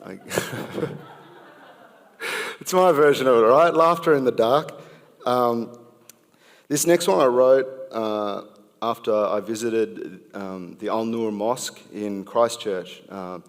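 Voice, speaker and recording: An Australian man reads his poems aloud in a rhythmic, punchy way, chatting casually between them. His voice sits low and moves slowly. A long hall reverb trails behind each phrase. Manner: rhythmic, punchy delivery, slow deliberate phrasing. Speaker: poet performing at a talk. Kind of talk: spoken word poetry performance with chat between poems.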